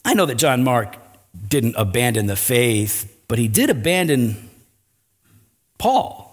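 Animated, lively-pitched male pastor preaching. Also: takes it slowly. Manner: conversational, animated storytelling with asides. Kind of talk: sermon with personal story.

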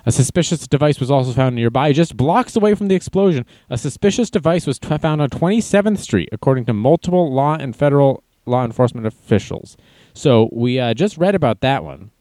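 Man with a lively, bouncing voice. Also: medium pitch, a little fast, no echo. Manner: wry, jokey asides. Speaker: online commentator reading news. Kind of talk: casual commentary with jokes.

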